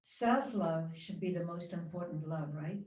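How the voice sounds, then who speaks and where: A woman giving a spiritual talk to a congregation, guiding them gently and chatting with the audience. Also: fairly low pitch, a little slow, recorded from a distance. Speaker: guest speaker. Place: church hall. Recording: roomy hall sound from off-mic.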